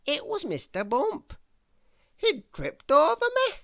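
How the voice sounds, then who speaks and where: A woman reading a children's bedtime story aloud in the first person, with expressive storytelling. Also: sits high, slow, gravelly, dry recording.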